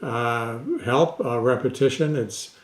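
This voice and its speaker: A man who is a stuttering specialist, giving casual advice to camera in an unhurried way with many pauses and fillers. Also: mid-range voice, echoey room.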